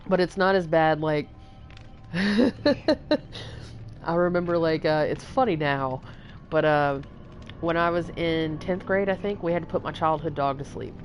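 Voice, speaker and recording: A woman's voice: sits low, fairly even intonation, unhurried, long pauses, faint music behind. Rambling, foul-mouthed young woman telling stories. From Texas. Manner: rambling, swears freely, many fillers. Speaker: livestream host. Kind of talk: casual storytelling chat.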